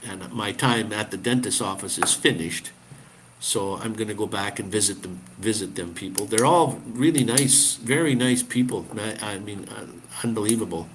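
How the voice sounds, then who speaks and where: A man's voice: lowish voice, normal speed, slight background noise. A man chatting casually on a live stream, answering viewers, laughing often and restarting his sentences. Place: living abroad in the Philippines.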